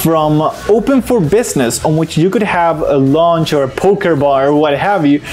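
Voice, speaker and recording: A man co-hosting a podcast in casual chat, animated and prone to hesitant repeats. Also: fairly high pitch, normal speed, soft background music. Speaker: podcast co-host.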